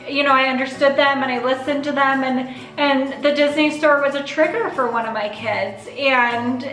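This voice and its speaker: A woman's voice: high voice, fairly bright tone, echoey room, poor audio. A woman in her thirties answering viewer questions in a casual vlog, earnest and open about fostering, at times holding back tears. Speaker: vlogger, foster and adoptive mother.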